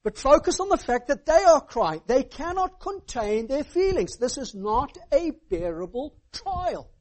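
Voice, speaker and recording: A man's voice: extremely high pitch, big pitch swings, a little slow, a little mellow. A man preaching a sermon, stressing words and checking in with "all right?". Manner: emphatic, asks the hearers "all right?" often.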